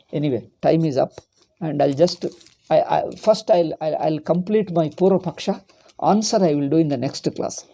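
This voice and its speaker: A man's voice: sits high, vocal fry, mellow. A man, a monk teaching a philosophy class, arguing with rhetorical questions and repeating his points. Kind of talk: lecture.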